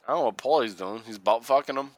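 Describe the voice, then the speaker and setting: A man co-hosting a casual watch-along podcast, joking, profane and excitable. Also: mid-range voice, quick pace, no room sound, poor audio. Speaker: podcast co-host.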